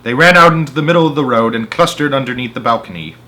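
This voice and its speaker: A man reading a children's book aloud, expressive, with small slips and restarts. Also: mid-range voice, fast. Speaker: storyteller.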